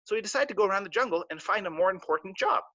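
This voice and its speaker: A man telling a children's story on a live stream, animated and full of sound effects. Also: high voice, racing, no echo. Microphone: live stream mic. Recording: dull, dry lo-fi stream audio.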